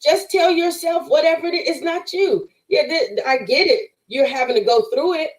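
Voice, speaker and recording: A woman's voice: sits high, normal speed, low-quality recording. A woman guest on a podcast giving an emphatic, preacherly faith testimony in conversation, speaking straight to her listeners.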